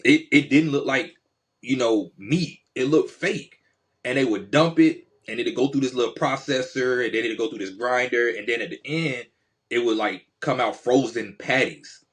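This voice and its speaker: A man's voice: medium pitch, moderate pace, fairly bright tone. A man from Georgia, co-hosting a casual podcast chat and telling stories in slangy speech full of fillers. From Georgia, USA. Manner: slangy, storytelling with repeated fillers. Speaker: podcast co-host.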